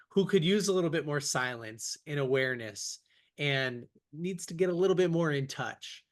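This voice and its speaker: A man's voice: a little high, a bit bright. Upbeat podcast host man. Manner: enthusiastic, upbeat storyteller. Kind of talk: casual podcast interview. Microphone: video call.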